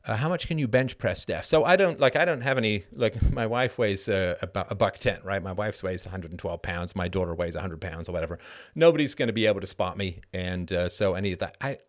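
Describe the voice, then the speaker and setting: A middle-aged man hosting a live show, answering chat questions in an animated monologue that keeps tossing in a rhetorical "right?". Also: deep voice, a little fast, few pauses. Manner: animated, frequent rhetorical "right?", laughs mid-sentence. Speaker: host.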